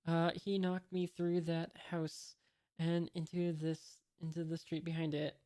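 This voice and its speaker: A woman's voice: sits low, little pitch movement, unhurried, dark tone, dry recording. A woman voicing a carefree, cheeky young male pirate, read out plainly. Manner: plain read-aloud delivery with fillers.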